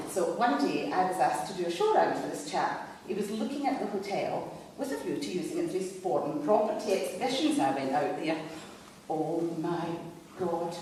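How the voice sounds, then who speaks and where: A woman's voice: on the low side, darkish tone. A woman telling comic stories at a live event, chatty and digressive, laughing at her own lines. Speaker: storyteller at a live comedy night. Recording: echoey hall, distant mic, faint noise.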